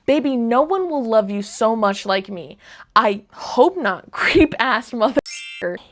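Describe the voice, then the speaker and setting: A woman's voice: a little high, lively intonation, measured pace. Reactive young woman reading posts. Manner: reads texts aloud, reacts with disgust and laughter. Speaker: commentator reading online posts. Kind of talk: casual reaction commentary.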